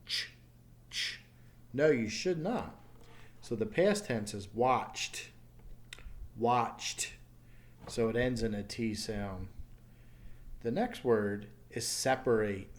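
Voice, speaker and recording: A man teaching English pronunciation in a recorded online lesson, slowly repeating each word clearly and patiently. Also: lowish voice, animated. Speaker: ESL teacher.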